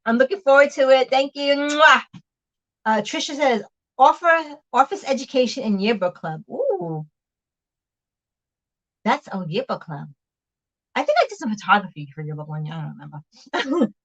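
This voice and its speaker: While prepping food on a casual livestream, a middle-aged woman host reads the live chat, laughing and chatting in a giggly way with food in her mouth. She speaks at a normal speed in a fairly high, sing-song voice with a fairly bright tone.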